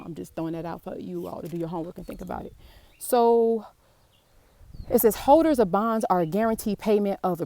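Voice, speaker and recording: A woman's voice: on the low side, warm tone, no echo. A middle-aged woman professor, teaching about money in a casual, streetwise way and asking her viewers questions straight out. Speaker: college business professor. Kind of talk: informal online money lesson.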